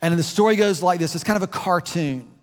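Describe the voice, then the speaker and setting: Guy preaching a sermon, higher voice, chatty, lots of restarts, big echoey hall. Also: brisk. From United States. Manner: conversational preaching with repeated restarts and asides. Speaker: pastor.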